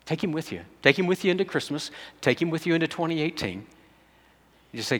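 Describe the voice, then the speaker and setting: A male pastor gives a conversational sermon and puts direct questions to the congregation. His voice is mid-pitched and steady. A long reverb from the church hall trails his words. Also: fast. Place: church sanctuary.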